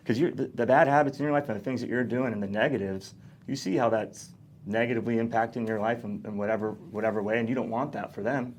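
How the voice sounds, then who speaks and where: A man hosting a casual podcast conversation, speaking earnestly and backing up his guest with steady agreement. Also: mid-range voice, fast talker, slight background noise. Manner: earnest, frequent affirming interjections. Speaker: podcast host.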